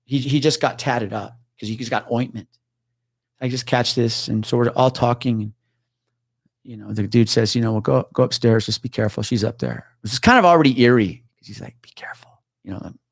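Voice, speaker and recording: A man's voice: mid-range voice, fairly quick, vocal fry, dry recording, clean studio sound. A middle-aged man, a retired police officer, casually telling a tense story in an interview, swearing and acting out the voices of the people in it. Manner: animated, swearing, acts out quoted voices.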